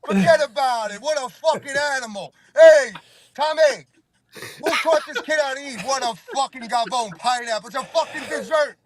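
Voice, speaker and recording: A man putting on a loud, cursing older Italian-American uncle, yelling in outrage. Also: very high voice, moderate pace, crowd noise, pitched above the performer's own voice. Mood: outraged.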